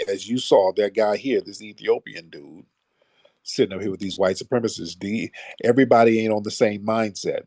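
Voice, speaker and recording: A man's voice: on the low side, a little mellow, no echo, clean studio sound. A man hosting a live call-in show, talking bluntly in heavy slang and pushing back hard at callers. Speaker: host of a call-in audio show.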